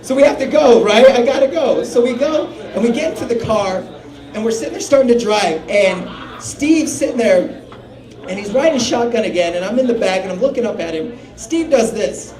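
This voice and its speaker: Male stand-up comic in a bar, animated and profane, heard from a distance in a roomy room with a crowd behind him. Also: very high voice, normal speed. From Salt Lake City area. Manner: animated, swearing, acting out friends' lines. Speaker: stand-up comedian. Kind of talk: stand-up storytelling. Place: small bar stage. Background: crowd laughing.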